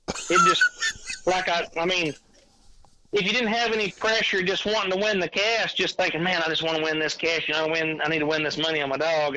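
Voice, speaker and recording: A man, a podcast guest calling in by phone, telling a hunting story in a rambling, animated way. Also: on the high side, noisy background. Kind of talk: casual chat. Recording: dull lo-fi phone line.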